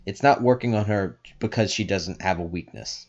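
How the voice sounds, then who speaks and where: Lowish-voiced man rambling as game master. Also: moderate pace, darkish tone, muffled recording. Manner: rambling, filler-heavy explaining. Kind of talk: narrating a tabletop game.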